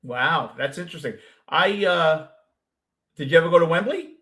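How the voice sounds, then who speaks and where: Brooklyn guy hosting, chatty and rambling, kinda high voice, keeps restarting his sentences. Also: expressive, moderate pace, a bit bright. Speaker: host. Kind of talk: casual chat with a caller.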